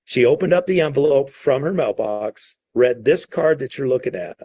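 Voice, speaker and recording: A man's voice: mid-range voice, expressive, normal speed, dark tone, slightly rough. Earnest man telling a story.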